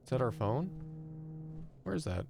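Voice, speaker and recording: A man's voice: mid-range voice, sing-song, normal speed, gravelly, dark tone. A man streaming a horror game live, chatting and mocking the player character with casual swearing. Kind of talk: live gameplay commentary.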